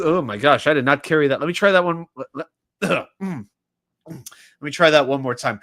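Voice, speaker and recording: A man's voice: on the high side, normal speed. A man hosting a casual sports talk livestream, running trivia and reading viewer comments aloud with a joking manner. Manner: animated, reads viewer chat aloud and jokes. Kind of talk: casual live-stream chat running trivia.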